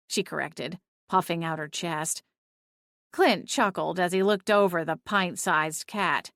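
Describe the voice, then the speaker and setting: A woman narrating a story in the first person, expressive and lively, reading from a script. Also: lowish voice, a little slow, no echo, clean studio sound. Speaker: audiobook narrator.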